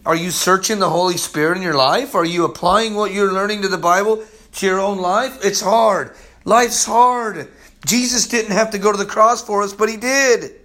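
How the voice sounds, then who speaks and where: Here a male pastor gives a sermon in an emphatic, streetwise style, alternating loud calls with soft, low murmurs.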